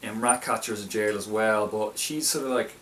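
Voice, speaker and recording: A man's voice: fairly low pitch, steady tone, normal speed, fairly bright tone, far from the mic, slight background noise. A man casually reviewing a film, talking in a hesitant, stop-start way with many restarts.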